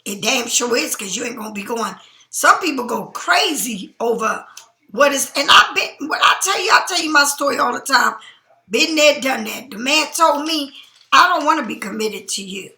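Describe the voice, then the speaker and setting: A woman's voice: sits high, lively intonation, normal speed, sharp tone, roomy sound. A woman giving a casual tarot reading to her viewers, blunt and emphatic, swearing freely, and sleepy enough to keep yawning. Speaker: tarot card reader.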